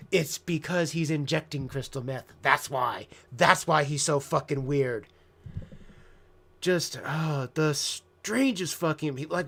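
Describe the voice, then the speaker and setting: A man talks through a personal story in a loose, unscripted monologue. He is blunt and profane, trailing off and circling back, with dry sarcastic asides. His voice sits a little higher than most men's. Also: fairly bright tone. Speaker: host.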